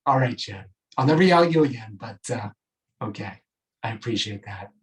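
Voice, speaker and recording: A man performing a solo storytelling monologue on a stage, animated and gushing, with sudden swoops high in pitch. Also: moderate pace, far from the mic, rough recording. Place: theatre stage.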